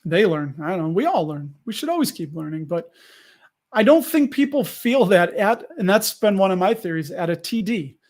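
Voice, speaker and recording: Casual stream host, man with a high voice, loose and rambling, talks back to his chat. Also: sing-song, moderate pace, darkish tone. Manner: rambling, restarts sentences, answers viewers.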